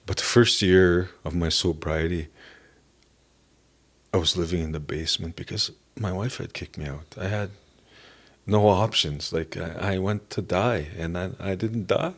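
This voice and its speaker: A middle-aged man from Canada giving an earnest, halting personal testimony as a podcast guest. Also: deep voice, steady tone, fairly bright tone. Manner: earnest, halting, emotional at times.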